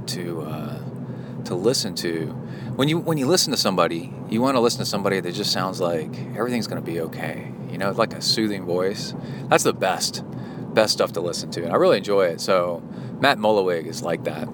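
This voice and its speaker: A man from the US hosting a podcast, chatting casually and going off on tangents while he drives. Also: sits low. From United States. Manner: rambling, tangent-prone, self-correcting. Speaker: podcast host. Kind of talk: casual solo podcast talk. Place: inside a moving car. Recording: car noise behind the voice. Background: road and car noise.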